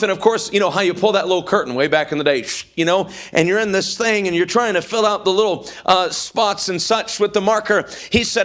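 A man's voice: sits high, a little fast, hardly any pauses, fairly bright tone. A man preaching a revival sermon in a church, with an emphatic, repetitive cadence. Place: church sanctuary.

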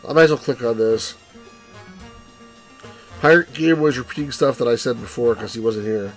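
A man's voice: mid-range voice, normal speed, faint music behind. A man hosting a let's play, rambling and wry as he comments on a game, with the odd swear.

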